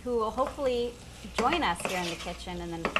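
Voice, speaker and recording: A woman's voice: mid-range voice, expressive, brisk, background noise. A woman co-hosting a live cooking show, reading out audience questions briefly. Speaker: co-host reading viewer questions.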